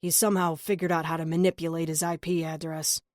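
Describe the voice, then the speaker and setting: A stern, protective police captain gives firm orders, voiced by a woman narrating an audiobook. The voice is fairly low, and the sound is close and dry. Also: level tone, fast, darkish tone, dry recording, close to an everyday voice. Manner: firm and commanding.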